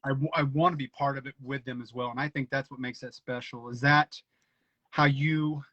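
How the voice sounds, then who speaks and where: A man's voice: mid-range voice, steady tone, moderate pace, pushed and bright, no echo. A man hosting a casual podcast chat, eager and full of stammered restarts. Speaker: podcast host. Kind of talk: casual conversation. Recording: dry, dull lo-fi audio.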